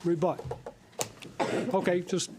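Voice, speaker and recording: A man's voice: high-pitched, steady tone, slow pace, background noise. A man chairing a planning commission hearing, keeping things procedural in short, slightly hesitant remarks. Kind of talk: chairing a public meeting.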